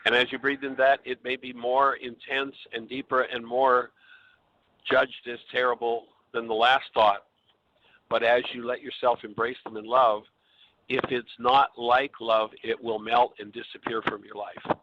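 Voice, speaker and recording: A man hosting a radio call-in show, calmly coaching a caller through his feelings. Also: mid-range voice, unhurried. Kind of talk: calm guiding talk on a call-in show. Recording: slightly dull audio with faint hiss.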